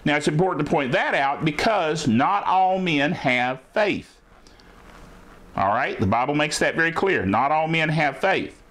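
Higher-voiced male preacher teaching scripture. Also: lively intonation, a bit bright. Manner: preacherly, reads scripture slowly and asks the listeners "Amen?". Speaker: pastor. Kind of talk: sermon.

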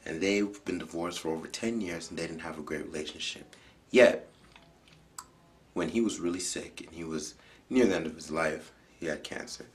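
Male speaker, low register, earnest storyteller who sinks into near-whispers; audition-tape speech. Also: moderate pace. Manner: earnest, drops often to hushed near-whispers for emphasis. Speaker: public speaker.

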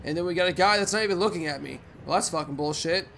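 A young man talking through a video game in a rambling, foul-mouthed way, breaking into sudden loud outbursts. His voice is slightly high for a man and bright and forceful, with faint noise behind it. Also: quick pace, creaky. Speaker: let's play host. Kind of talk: profane gameplay commentary.

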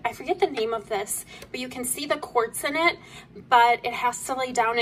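Young woman vlogger, bright high voice, slow gushing delivery, faint room hiss. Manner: enthusiastic, gushing, drops to soft asides. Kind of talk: casual show-and-tell. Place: home room.

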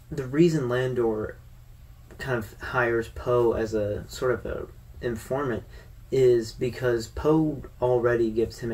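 A man's voice: mid-range voice, darkish tone, recorded from a distance. A man giving a casual, rambling film review to his viewers, with fillers and restarts. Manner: conversational, loose with fillers and restarts.

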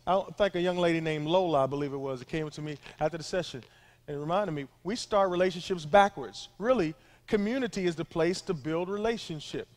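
High-voiced male pastor, playful preaching. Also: brisk. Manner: conversational, humorous preaching with asides to the crowd. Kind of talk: sermon.

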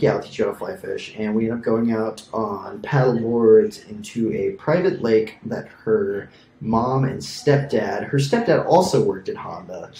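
A young man co-hosts a casual podcast, telling a rambling story full of fillers and asides and laughing at his own tales. His voice is fairly low-pitched and darkish, and the room is echoey.

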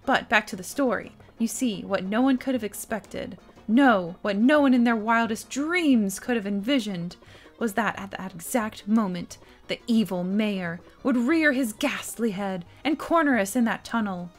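A woman's voice: mid-range voice, a little slow, faint music behind, lightly acted. A woman voicing a boastful older man who tells his adventures in a grand, theatrical way, reading video game dialogue aloud.

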